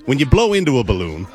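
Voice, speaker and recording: A man doing a comedy impression of a brash older football team owner, drawling folksy crude boasts on sports radio. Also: mid-range voice.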